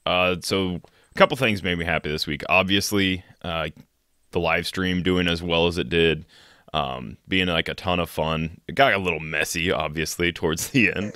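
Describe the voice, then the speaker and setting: A man co-hosts a casual podcast in a very low voice, recorded close and dry. He talks in a laid-back, halting way with soft laughs. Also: clean tone, no echo. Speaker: podcast co-host.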